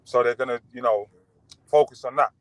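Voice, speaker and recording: A man chatting as a boxer guest on a podcast, relaxed and full of fillers and restarts. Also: mid-range voice, brisk, rough recording. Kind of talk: casual podcast interview.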